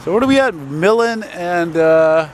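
A man's voice: high-pitched, expressive, unhurried. A man, chatting casually as he walks outdoors along a city street, rambling and swearing now and then. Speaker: vlogger. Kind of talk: casual walking commentary. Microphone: handheld camera while walking. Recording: noisy outdoor street recording. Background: passing traffic.

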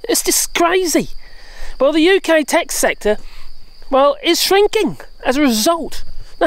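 A woman's voice: high-pitched, no room sound. A woman vlogging outdoors while walking her dogs, ranting in an exasperated, sarcastic, chatty way. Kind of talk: ranting political vlog.

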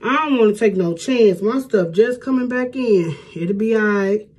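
A middle-aged woman talking casually to her viewers at home, chatty and warm with plenty of y'all. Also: medium pitch, normal speed, husky. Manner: chatty, addresses viewers as y'all, Southern US speech. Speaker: hair vlogger. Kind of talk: casual vlog chat.

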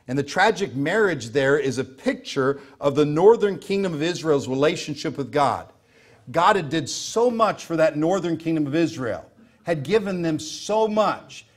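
An American man preaching a sermon as pastor, earnest and repeating key phrases for emphasis. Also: a little high.

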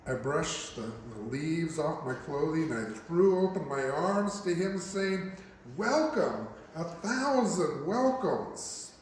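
Slow-speaking pastor in an echoey church. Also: male voice, on the high side. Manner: storytelling in character, unhurried and expressive. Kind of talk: first-person dramatic monologue sermon. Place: church sanctuary. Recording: very echoey church hall, faint hiss.

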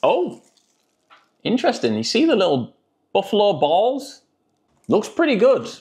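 A man's voice: high voice, huge pitch swings, unhurried, a little mellow. A man reviewing frozen food in a jokey, chatty vlog.

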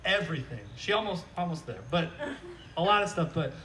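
A man's voice: fairly high pitch, fairly quick, a little hiss or hum. A man preaching a sermon outdoors, talking conversationally and animatedly and often checking in with "right?", heard from some distance from the mic. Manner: animated, joking, repeats "right?". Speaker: pastor. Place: outdoor church service.

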